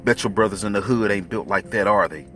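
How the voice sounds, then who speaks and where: A man voicing an arrogant, drunk police officer who talks loud and slurs his words. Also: on the low side, fast talker, over music, natural voice. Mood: taunting. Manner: loud, swaggering, slurring. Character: arrogant drunk male cop, bullying and crude.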